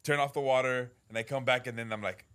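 A man chatting on a podcast, telling a story and acting out what people said. He swears freely and laughs often, with a voice of ordinary pitch for a man. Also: fairly even intonation, fast talker, fairly bright tone, smooth. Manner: swears freely, tells stories with acted-out quotes. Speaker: podcast co-host. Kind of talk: casual podcast chat.

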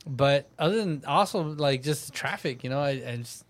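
A man's voice: a little high, lively intonation, normal speed, no room sound. A man in a casual podcast chat, thinking aloud in a rambling way. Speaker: podcast co-host.

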